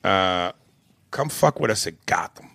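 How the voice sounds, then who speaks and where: Reading out a listener's email on a comedy podcast, this co-host jokes crudely between lines and drops into voices. He talks low and unhurried with lively intonation, a creaky, slightly bright sound, and no echo.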